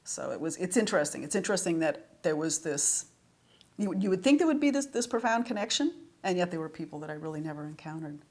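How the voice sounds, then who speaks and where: Chatty woman with a lowish voice. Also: animated, fast talker, a little mellow, slight background noise. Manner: chatty, anecdotal, laughs often. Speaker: series writer. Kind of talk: retrospective interview.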